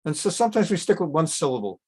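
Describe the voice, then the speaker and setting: A middle-aged man, a rabbi, teaching a conversational class on a Bible text, reading Hebrew passages and translating them with asides, jumping up in pitch when he acts out quotes. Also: fast, slightly rough. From America. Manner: animated, jumps up in pitch when acting out quotes.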